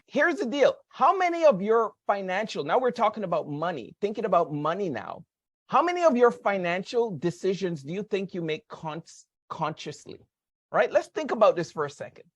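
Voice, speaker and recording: A man's voice: high voice, big pitch swings, moderate pace, no room sound, lo-fi sound. A man giving a motivational lesson on money as a financial educator, talking emphatically, repeating his key points and tagging on rhetorical questions.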